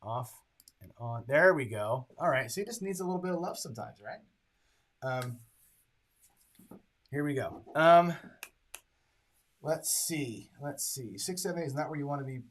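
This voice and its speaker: Here a fairly high-pitched, expressive man speaks at a moderate pace with long pauses, and the recording is rough. He's hosting craps live, chatting easily as he announces rolls, totals bets aloud, and talks right to the people watching.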